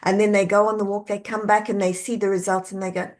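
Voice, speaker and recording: A middle-aged woman who works as an executive coach and author appears as a guest on a conversational podcast interview. She tells animated stories, acts out the voices of people she quotes, and laughs easily, speaking fast at a medium pitch.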